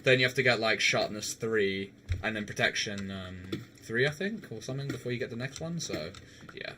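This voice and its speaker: A man's voice: lowish voice, moderate pace, bright, forceful tone, a little hiss or hum. A young man chatting casually with viewers on a live game stream, laughing often and swearing now and then.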